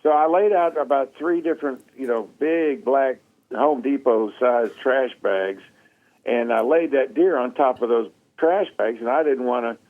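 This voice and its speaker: Casual Southern male guest spinning an animated yarn on radio. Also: mid-range voice, measured pace, phone-quality sound. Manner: animated storyteller, acts out quotes, laughs often. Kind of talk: casual storytelling chat.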